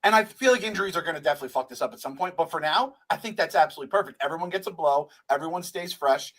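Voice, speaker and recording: A man's voice: a little high, rapid-fire, fairly bright tone, poor audio. A man co-hosting a sports podcast, telling stories in a laid-back way full of swearing. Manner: profane, laid-back storytelling. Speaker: podcast co-host. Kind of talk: casual sports chat.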